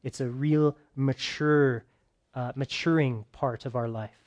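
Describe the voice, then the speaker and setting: A man preaching a conversational sermon who keeps asking his listeners questions and swings between loud, emphatic bursts and quiet, soft stretches. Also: mid-range voice, fairly even intonation, takes it slowly, highs cut off.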